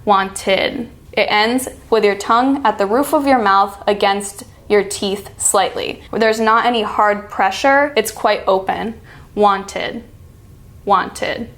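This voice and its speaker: An American woman coaching pronunciation, saying each word slowly and clearly so it can be repeated. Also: medium pitch, fairly bright tone. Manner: slow, demonstrating each sound. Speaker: accent coach. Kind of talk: pronunciation lesson.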